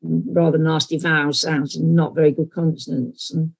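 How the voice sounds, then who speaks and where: A woman in her eighties from England, with a London accent softened toward received pronunciation, speaking frankly and wryly in an interview. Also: sits low, flat delivery, vocal fry, slightly rough, rough recording. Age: 80s. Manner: frank, wry, measured storytelling. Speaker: actress guest. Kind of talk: reflective interview conversation.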